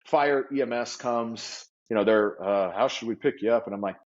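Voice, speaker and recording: Animated male storyteller, lo-fi. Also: medium pitch, moderate pace, hardly any pauses. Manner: animated, vivid storyteller acting out quotes. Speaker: guest entrepreneur. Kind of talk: storytelling in an interview. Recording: slightly dull lo-fi audio.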